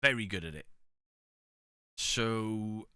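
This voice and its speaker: A man's voice: on the low side, slow pace, bright, forceful tone, clean tone, dry recording, clean studio sound. A man hosting a casual live stream, reading viewer comments and giving blunt, opinionated takes with the odd swear. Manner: chatty, opinionated, swears freely. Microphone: desk microphone, pulled close.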